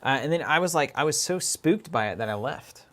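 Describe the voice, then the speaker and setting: A man's voice: a little high, expressive, a little fast, a bit bright. A man co-hosting a card game stream from an office, chatting casually, laughing often and reading viewer comments aloud.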